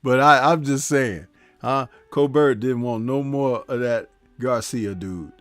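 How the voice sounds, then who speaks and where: A man's voice: mid-range voice, measured pace, a bit bright, soft background music. A man hosting a casual live stream. He reads viewer comments aloud, talks back to them, laughs at his own jokes and keeps tagging his remarks with "huh?". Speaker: host.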